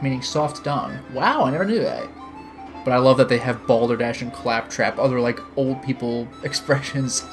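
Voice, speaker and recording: A streamer who reads a visual novel aloud as the narrator, chats with viewers, and laughs often. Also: medium pitch. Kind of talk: live-streamed visual novel reading with commentary.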